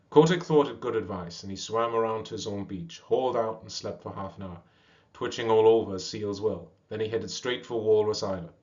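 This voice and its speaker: A man reading a classic animal story aloud at a steady pace, with small slips and restarts. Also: lowish voice. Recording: dull lo-fi recording.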